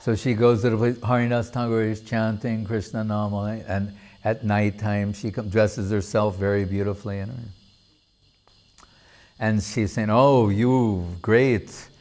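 A man telling a devotional story as a sermon, in an unhurried, deliberate manner. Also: on the low side, little pitch movement, darkish tone. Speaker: religious storyteller.

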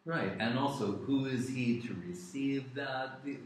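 A man giving a devotional talk, earnestly recounting sacred stories with frequent pauses. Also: medium pitch, slight background noise. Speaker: devotional speaker. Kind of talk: devotional storytelling discourse. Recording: echoey room, distant mic.

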